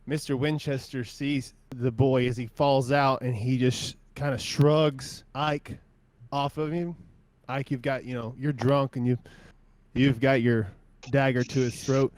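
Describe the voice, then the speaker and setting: A man running a tabletop game as game master. He narrates in a laid-back way, padded with hedging fillers, at an average pitch. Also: level tone, a little slow, a little mellow, no room sound.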